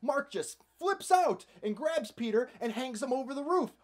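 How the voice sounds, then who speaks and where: A man's voice: extremely high pitch, lively intonation, moderate pace. A man hosting a comedic movie recap, narrating with sarcastic, playful asides. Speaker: host.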